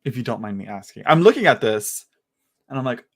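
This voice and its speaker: A man doing a live-stream tarot reading, talking at an ordinary middle pitch. He is chatty and loose and often trips over his words and starts again. It sounds like a relaxed talk from home. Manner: casual, chatty, halting with many restarts. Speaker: tarot reader.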